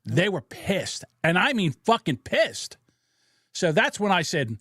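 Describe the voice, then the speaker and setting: Podcast host, male, pitch slightly high, very lively delivery, dry close mic, blunt and profane. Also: takes it slowly, breathy edge, no room sound. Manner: blunt, profane, animated storytelling. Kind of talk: casual political podcast commentary.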